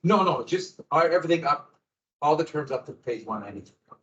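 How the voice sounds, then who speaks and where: A man's voice: on the high side, lively intonation, brisk, a bit bright, a little hiss or hum. A man teaching a history class, explaining in a loose, conversational way to his students in a classroom. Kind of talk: classroom lecture. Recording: echoey, dull lo-fi classroom audio.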